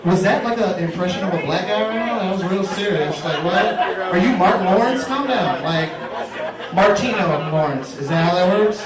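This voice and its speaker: A man hosting a comedy show, doing loud, teasing, profane crowd work before bringing up the headliner. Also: high voice, moderate pace. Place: large comedy room with live audience. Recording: echoey room, far off, crowd noise.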